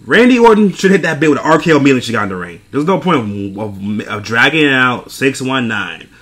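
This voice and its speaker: A man's voice: mid-range voice, big pitch swings, fast talker, fairly bright tone. A young man recapping a wrestling event in a casual, profane rant, exasperated and laughing between points. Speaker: wrestling show reviewer.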